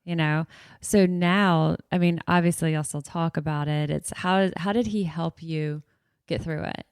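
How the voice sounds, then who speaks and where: A woman's voice: low-pitched, steady tone, measured pace, clean tone, no room sound, clean studio sound. A woman hosting a podcast, engaged, laughing along and finishing her guest's sentences. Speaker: podcast host. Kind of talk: casual interview chat.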